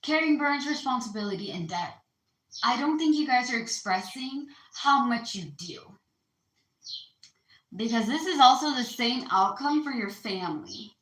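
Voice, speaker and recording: A woman's voice: a little high, animated, moderate pace, a bit bright, echoey room, low-quality recording. A woman giving a casual astrology card reading, chatty and slangy, calling her listeners baby. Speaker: tarot card reader.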